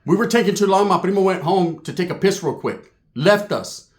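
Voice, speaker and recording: A man tells a story in a lively, animated voice. He sits a bit high and swears freely in street slang. The room gives a roomy echo. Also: normal speed. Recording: echoey room.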